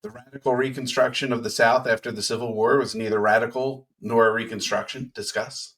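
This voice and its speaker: A man's voice: mid-range voice, fairly even intonation, fairly quick, fairly bright tone, far from the mic, lightly acted, poor audio. A man putting on a fussy, gushing female talk-show hostess who acts overcome with emotion and theatrical. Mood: mock verklempt. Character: fussy middle-aged chat show hostess, overwhelmed.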